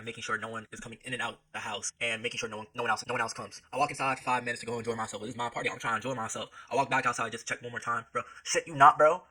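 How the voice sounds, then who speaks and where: Young male vlogger, mid pitch, rapid excitable slang storytelling. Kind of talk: casual storytime vlog.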